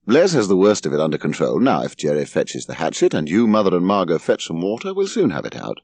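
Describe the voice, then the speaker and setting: A man voicing a pompous, drowsy young man who lectures his family with lofty calm. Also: low voice, quick pace, no room sound, exaggerated voice.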